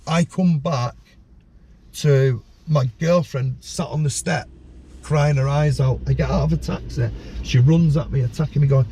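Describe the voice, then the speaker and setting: A man telling a story as a podcast guest, lively and jumping up in pitch when he acts out other people's lines. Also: unhurried, a little hiss or hum. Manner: animated storyteller, acts out voices with sudden high pitch.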